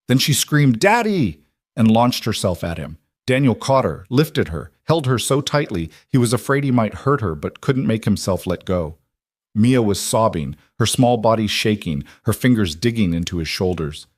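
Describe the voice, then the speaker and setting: A man tells a dramatic story in a steady, measured reading voice. His voice sits low, and the recording is dry and close with no room sound. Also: dry recording. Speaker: narrator. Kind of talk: scripted storytelling narration.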